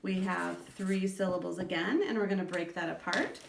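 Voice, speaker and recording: A woman with school-age children calmly explains speech strategies to parents, sounding out words syllable by syllable. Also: on the low side, creaky, reverberant, far from the mic, background noise. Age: adult parent of school-age children. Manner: patient, explains step by step, sounds words out slowly. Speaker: educator giving parenting advice. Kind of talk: instructional talk to parents.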